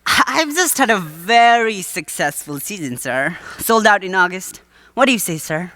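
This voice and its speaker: A wheedling waterfront showman, played by a teenage student, pitches his act with theatrical sales patter. The voice swoops up and down with bright, ringing energy. It is a live school stage play, and the sound is dry and close. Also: big pitch swings, normal speed, no echo. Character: wheedling male waterfront huckster staging fake drownings.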